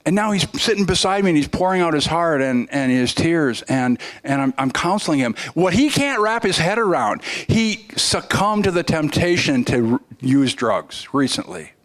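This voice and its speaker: Male guest preacher, fairly high voice, storytelling sermon, casual with restarts. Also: very animated, normal speed, fairly bright tone. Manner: conversational storytelling with frequent restarts.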